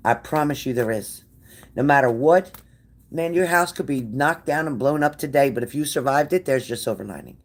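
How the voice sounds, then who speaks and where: A woman hosting a casual livestream, blunt and sassy, cursing freely as she answers viewer comments. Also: rumbling low. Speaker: livestream tarot reader.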